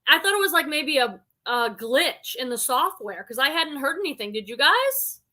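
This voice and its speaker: Chatty woman on a live stream reading out comments, high bright voice. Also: very animated, moderate pace. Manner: chatty, reads comments aloud then reacts. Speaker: livestream host reading viewer comments. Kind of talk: casual live-stream chat.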